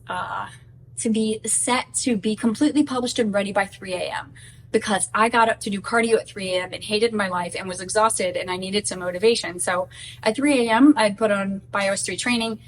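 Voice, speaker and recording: A woman telling animated, casual stories to camera about life with her YouTuber husband, with quick asides. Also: medium pitch, distant mic, a little hiss or hum, rough recording. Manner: animated, quick asides, acts out quoted exchanges. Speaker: wife of a YouTuber.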